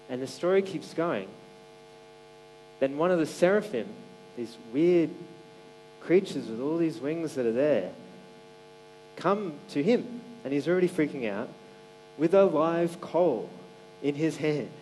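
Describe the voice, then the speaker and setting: A man's voice: a little high, measured pace, long pauses, darkish tone, slight background noise, rough recording. A man giving a casual, conversational sermon, with many fillers and restarts. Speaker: preacher.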